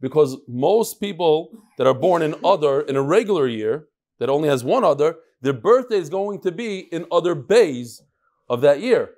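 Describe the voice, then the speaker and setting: A man's voice: on the high side, animated, normal speed, darkish tone. Man teaching a joking Talmud class. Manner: joking, teasing back and forth with a live class. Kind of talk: daily Talmud class with casual banter. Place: classroom with a live audience.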